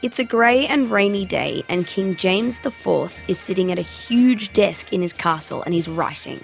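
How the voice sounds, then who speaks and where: A woman's voice: medium pitch, lively intonation, moderate pace, creaky, soft background music. A woman hosting a scripted podcast in a playful, teasing way. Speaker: podcast host.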